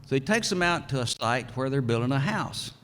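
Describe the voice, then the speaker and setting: An older man, giving a folksy, halting acceptance speech as a hall of fame inductee. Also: medium pitch, lively intonation, a bit bright, a little hiss or hum. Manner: folksy, halting storyteller with many pauses. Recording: long reverb of a large hall.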